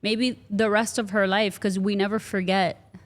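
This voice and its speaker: A woman hosting an interview, speaking gently and empathetically. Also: medium pitch, little pitch movement, normal speed, big-room sound. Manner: gentle, empathetic, laughs easily. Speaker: podcast host. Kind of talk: heartfelt conversational interview.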